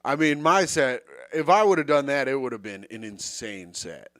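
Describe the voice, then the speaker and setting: A man's voice: medium pitch, big pitch swings, moderate pace, a bit bright, dry recording, clean studio sound. A man co-hosting a comedy podcast, telling a rambling, joking story in casual chat. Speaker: podcast co-host.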